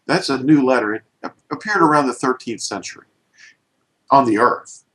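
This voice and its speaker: A man's voice: mid-range voice, expressive, moderate pace, a bit bright, low-quality recording. A man teaching an informal lesson, pointing at letters and explaining with emphatic, restarting speech.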